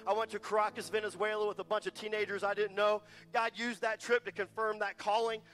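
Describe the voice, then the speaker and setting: A man's voice: high-pitched, level tone, a little fast, a bit bright. A man preaching a passionate, emphatic sermon as a guest speaker, repeating lines for weight.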